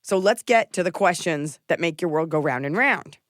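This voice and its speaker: A woman hosting a podcast, chatting casually and joking in an animated, playful way. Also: lowish voice, normal speed, no room sound, clean studio sound. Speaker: podcast host. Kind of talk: casual comedic chat.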